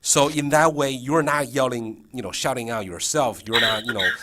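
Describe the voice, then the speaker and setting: A man's voice: medium pitch, moderate pace, sharp tone, slight background noise. A man training a new teacher in a casual session, checking in often with frequent fillers and restarts.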